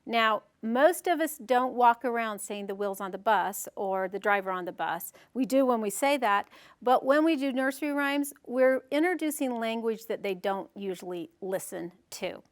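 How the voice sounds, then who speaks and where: Lady with a high voice running a workshop for parents, sing-songy when she reads rhymes. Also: moderate pace. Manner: sing-song, animated reading with playful voices. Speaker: workshop presenter. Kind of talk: teaching workshop with rhyme reading.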